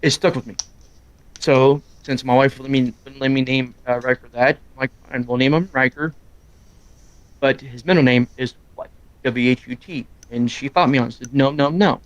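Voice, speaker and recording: A middle-aged man chatting casually on a live stream, loud and quick, rambling from story to story. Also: medium pitch, fairly even intonation, no echo, muffled recording. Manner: loud, fast-talking, rambling. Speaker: streamer co-host. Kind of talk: casual chat.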